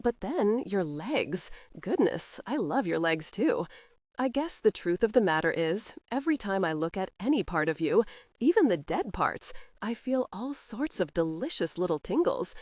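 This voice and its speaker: A spirited young heiress wife who teases with a light, lilting mockery, as a woman reads her. Her voice sits in a middle range and sounds dry and close. She is sharp-tongued and sure of herself. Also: mid-range voice, very animated, moderate pace, dry recording. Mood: teasing. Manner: playful, mocking, lilting.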